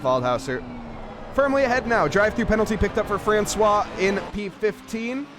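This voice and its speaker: A man's voice: sits high, lively intonation, moderate pace, music in the background. American man on joking race commentary. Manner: joking, playfully mispronounces car names. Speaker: sim racing commentator. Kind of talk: casual live race commentary.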